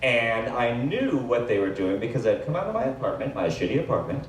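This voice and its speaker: Male stand-up comic, rambling self-deprecating storyteller, animated delivery, roomy echoey live sound. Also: mid-range voice. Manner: self-deprecating, rambling with fillers and quick asides. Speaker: stand-up comedian. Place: comedy club stage. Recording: echoey room, distant mic, faint hiss.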